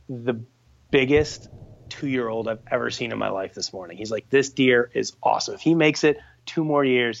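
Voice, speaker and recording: A man casually telling a hunting story on a podcast, animated and swearing freely as he acts out his friends' lines. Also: mid-range voice, creaky, dull audio. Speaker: guest hunter telling a story.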